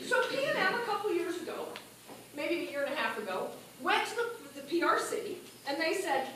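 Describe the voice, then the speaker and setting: A woman giving an animated political speech at a party meeting, asking the audience questions as she goes. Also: extremely high pitch, normal speed, a little hiss or hum. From New Mexico. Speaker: political speaker. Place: meeting hall. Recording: echoey room from a distance.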